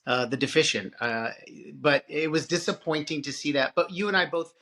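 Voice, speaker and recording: A man co-hosting a parenting podcast, talking casually and in an animated way, often restarting his sentences. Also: on the high side. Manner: animated, halting with restarts and filler. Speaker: podcast co-host. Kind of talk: casual conversation.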